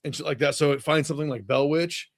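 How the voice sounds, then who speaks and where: Profane, animated co-host man, dry sound. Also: a little high, fast talker, gravelly, no echo. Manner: animated, profane, tumbling phrases. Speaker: podcast co-host. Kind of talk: casual chat.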